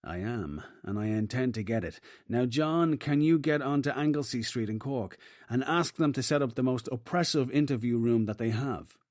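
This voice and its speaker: A man voicing a commanding detective chief giving orders with brisk, dry humour. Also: mid-range voice, darkish tone, no room sound, close to an everyday voice. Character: wry, commanding male detective boss.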